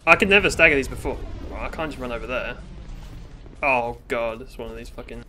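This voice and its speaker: A man's voice: mid-range voice, brisk, over music. British man swearing through game commentary. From Britain. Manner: swearing, exasperated running commentary with sudden outbursts. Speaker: gaming YouTuber. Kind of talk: let's play commentary.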